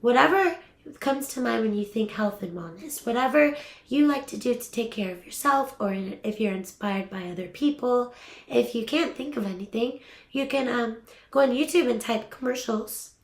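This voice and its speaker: A woman's voice: fairly high pitch, moderate pace. Chatty woman teaching voiceover, echoey room. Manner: chatty, upbeat, many fillers. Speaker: voiceover coach. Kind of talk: casual teaching talk.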